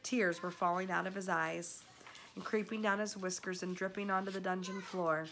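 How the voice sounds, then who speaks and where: A woman reading a chapter book aloud with measured, expressive narration. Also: on the low side, gravelly, a little hiss or hum. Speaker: storybook reader.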